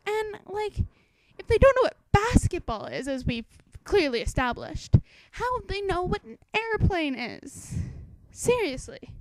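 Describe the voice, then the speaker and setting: A young woman with a very high, slightly mellow voice speaks at a measured pace with big pitch swings; the audio is poor but has no echo. As a book commentator, she chats casually about what she's reading, raising nitpicky questions in a quizzical way.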